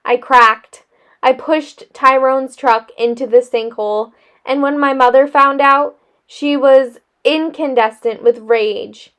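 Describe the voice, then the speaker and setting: A woman's voice: sits high, fairly even intonation, slow pace, a bit bright, clear, resonant tone. A woman reading as a wordy, self-pitying boy. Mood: sorrowful. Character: dramatic, wordy boy with dark glasses.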